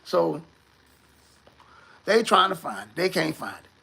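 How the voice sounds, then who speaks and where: A high-pitched man tells a story casually, cursing freely and acting out what others said. His voice is very gravelly and sharply bright, with a husky edge. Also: a little slow. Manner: animated, profane, voices the people in his story.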